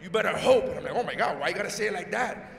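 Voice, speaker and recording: A man doing a stand-up set, telling a story in an animated way and acting out the other people in it. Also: high-pitched, very fast, creaky, a little hiss or hum. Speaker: stand-up comedian. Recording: echoey hall from far off.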